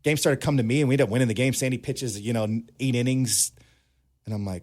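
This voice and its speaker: A man in his thirties, a former pro ballplayer, telling animated anecdotes in a casual interview. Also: mid-range voice, fast. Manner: animated anecdotes, acts out quoted dialogue. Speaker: former pro baseball player, guest.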